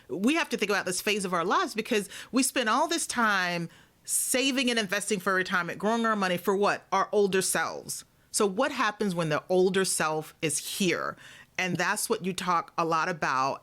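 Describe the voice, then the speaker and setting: Excitable woman co-host from the south, gushes a lot, podcast chat. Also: medium pitch. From South Carolina and Georgia. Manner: enthusiastic, laughs often, effusive. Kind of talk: podcast interview.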